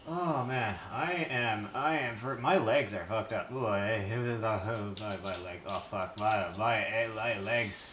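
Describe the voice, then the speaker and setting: A man's voice: fairly low pitch, slow, few pauses, fairly bright tone, a little hiss or hum. A man streaming live from his kitchen, a bit out of breath, rambling, swearing and reading a recipe aloud as he cooks. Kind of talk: casual live-stream chat while cooking.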